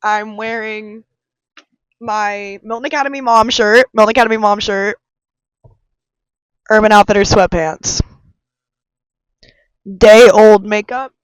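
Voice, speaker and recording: A woman's voice: medium pitch, fairly even intonation, measured pace, pauses often, clear, resonant tone, dry recording. Young woman, from chicago, casual vlog talk, rambling and emphatic, dry close audio. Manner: rambling, emphatic, repeats herself. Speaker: vlogger. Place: aquarium visit, handheld vlog.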